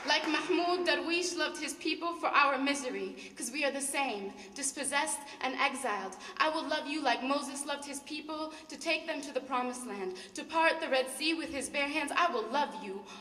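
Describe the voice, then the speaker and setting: A young Palestinian woman performing a spoken word poem in an impassioned, rhythmic delivery that builds to shouts. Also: high-pitched, normal speed, hardly any pauses. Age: young adult. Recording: echoey hall, mic far off.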